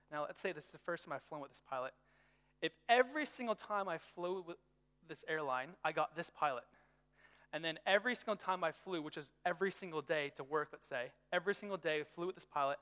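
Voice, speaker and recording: A man preaching a sermon to young people in a lively, conversational way, with everyday stories. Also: on the high side, long reverb tail. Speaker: youth pastor.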